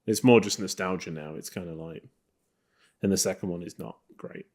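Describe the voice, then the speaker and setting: Low-voiced man in casual film chat. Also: moderate pace. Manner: relaxed, rambling, many fillers. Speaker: podcast co-host.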